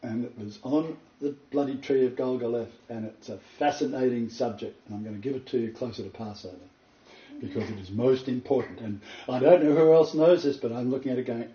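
An emphatic man explains scripture and tells a story in a mellow, dark voice. He sounds distant from the mic, in an echoey room. The recording is dull and lo-fi. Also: medium pitch, a little fast. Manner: earnest, emphatic, building to excited points. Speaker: Bible teacher. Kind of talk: spoken Bible teaching, storytelling. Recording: roomy, far from the mic, dull lo-fi.

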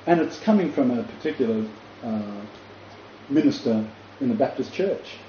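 An older Christian ministry leader with a mellow, expressive, medium-pitched voice speaks at normal speed. His casual teaching talk is emphatic, repeating key phrases and stumbling over fillers, in a roomy lo-fi recording with faint noise.

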